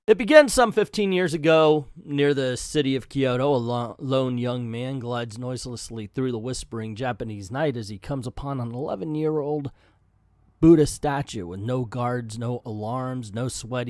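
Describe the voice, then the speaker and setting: A man giving casual video commentary on an old comic book, excitable and quick to laugh and swear as he reacts. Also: medium pitch, no echo, studio quality.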